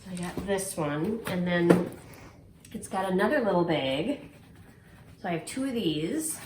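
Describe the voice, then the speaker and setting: A middle-aged woman in casual, excited chat, gushing and exclaiming to her viewers as she unboxes a prize at home. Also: lowish voice, measured pace. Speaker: quilting vlogger unboxing a prize. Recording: echoey room, faint noise.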